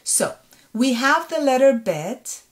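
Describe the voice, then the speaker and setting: A woman's voice: high-pitched, very animated, takes it slowly. A woman teaching a reading lesson, patiently sounding out syllables and repeating each one. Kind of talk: slow step-by-step reading lesson.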